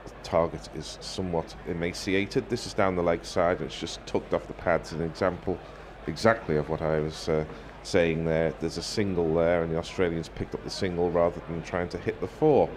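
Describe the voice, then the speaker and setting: Low-voiced wry cricket commentator man. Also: fairly even intonation, slight background noise. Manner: wry, measured, quick to joke. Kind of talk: ball-by-ball commentary.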